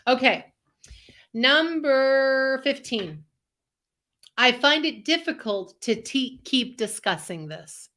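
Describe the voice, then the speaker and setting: Bright, upbeat woman coaching on a call. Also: sits high, expressive, slow pace. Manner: upbeat, earnest, encouraging. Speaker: co-host, empath coach. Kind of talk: live online self-help talk. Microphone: video call.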